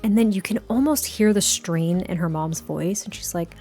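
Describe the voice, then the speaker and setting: A woman giving casual gameplay commentary as a YouTuber, chatty, giddy and quick to laugh. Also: fairly low pitch, dark tone, soft background music.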